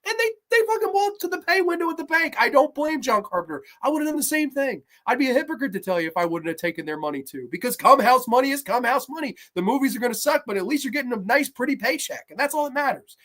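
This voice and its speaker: A horror movie reviewer ranting through a sequel with profane, sarcastic jabs, dropping to low grumbles and rising to loud mocking shouts. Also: lively intonation, quick pace, few pauses.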